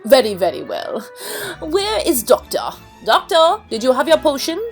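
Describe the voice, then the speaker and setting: A woman's voice: high-pitched, big pitch swings, normal speed, faint music behind. A woman doing a fawning haunted-house master. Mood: scheming. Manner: fawning, repeats "wonderful". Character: scheming master of a haunted house, smooth host. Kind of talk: toy play story voicing.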